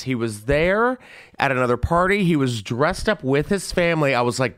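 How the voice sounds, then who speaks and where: A young man telling a story in a casual podcast chat, animated and gossipy, jumping into high squealing voices when he quotes people. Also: moderate pace. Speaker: podcast host.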